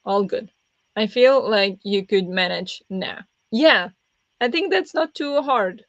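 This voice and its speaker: Speaking English as a second language, a woman hosts a live reading sprint stream, chatting casually with viewers and laughing often. Her medium-pitched voice is animated and measured in pace, recorded without echo but muffled.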